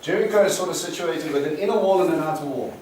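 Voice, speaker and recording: Fast and a little high-pitched, with a darkish tone, a male teacher walks a small Bible study through Hebrew terms and asks the class questions. Recorded from afar, the audio is roomy with a faint hiss.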